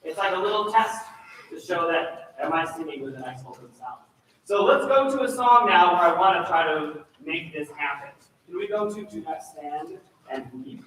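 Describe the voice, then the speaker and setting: A man directing a choir rehearsal, giving energetic coaching instructions and demonstrations to the singers. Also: on the high side, moderate pace, slight background noise. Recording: echoey room, mic far off, faint ambience.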